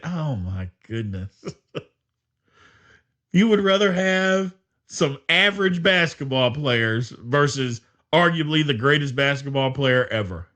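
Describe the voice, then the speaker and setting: A man hosting a casual sports podcast, talking in an animated, exasperated way and laughing often. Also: medium pitch, takes it slowly. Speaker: podcast host.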